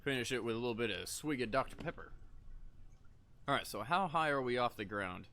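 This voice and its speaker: A man's voice: medium pitch, expressive, a little fast, sharp tone. Laid-back rambling male streamer. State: coughing between lines. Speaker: gaming streamer. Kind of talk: casual livestream commentary.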